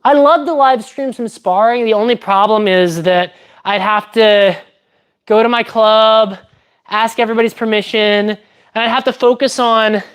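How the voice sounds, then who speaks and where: A woman chatting casually on a livestream while training fencing, thinking aloud and explaining technique step by step. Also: mid-range voice. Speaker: fencer streaming her training.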